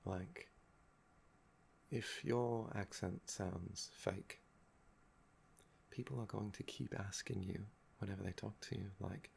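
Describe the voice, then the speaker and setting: A young man with a gravelly, fry-laden voice, talking in a soft-spoken ASMR chat that meanders and trails off. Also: on the low side, steady tone, takes it slowly, pauses often, a little hiss or hum. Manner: meandering and musing, often trailing off with "um". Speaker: ASMR channel host.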